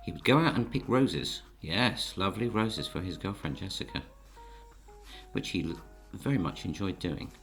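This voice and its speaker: Bloke drawing and telling a kids story, deep gentle voice, soft music behind. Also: male voice, lively intonation, moderate pace. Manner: gentle, coaxing, speaks to the audience. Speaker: children's storyteller and illustrator. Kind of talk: storybook narration while drawing.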